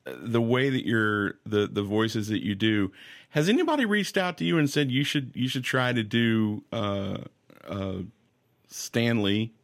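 A man's voice: fairly low pitch, expressive, measured pace. A man hosting an interview, asking questions with eager enthusiasm. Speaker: interviewer host.

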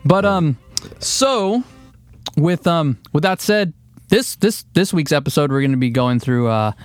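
Guy hosting a podcast, kinda high voice, rambly w lots of ums. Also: animated, unhurried, no room sound. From Texas. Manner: chatty, laughs often, many fillers. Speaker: podcast host. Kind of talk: casual podcast chat.

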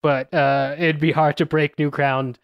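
A man with a smooth, clear voice talks through a film review, rambling and hesitant. The sound is dry and close. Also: on the high side, level tone, unhurried, no room sound, muffled recording. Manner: rambling, hesitant, many fillers. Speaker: podcast co-host. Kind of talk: casual film review chat.

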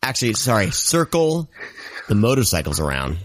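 Deep-voiced joking man on a podcast. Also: huge pitch swings, normal speed, no echo, studio quality. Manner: joking, self-deprecating quips. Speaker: podcast co-host. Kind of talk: casual chat.

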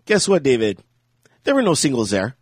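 A man's voice: medium pitch, wildly swooping pitch, moderate pace, breathy edge, no room sound. A man co-hosting a podcast, telling a rambling story in casual chat and laughing often. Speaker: podcast co-host.

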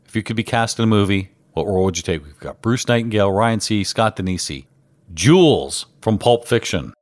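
A man's voice: lowish voice, quick pace. A man in his fifties hosting a podcast interview, bantering like a stand-up comedian and laughing easily. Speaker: podcast host.

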